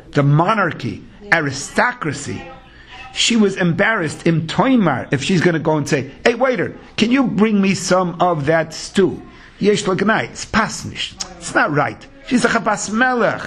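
A man's voice: a little high, fairly bright tone. A man teaching Talmud as a rabbi, chanting the text in a sing-song and weaving in Hebrew and Yiddish terms. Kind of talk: Talmud lesson in Yeshivish English.

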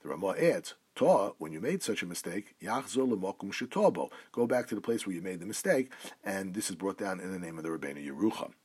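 A man with a fairly low, somewhat husky voice teaches a halacha lesson. He reads each Hebrew phrase slowly and deliberately, then explains it in plain English. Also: very animated, a little mellow. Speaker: Torah teacher.

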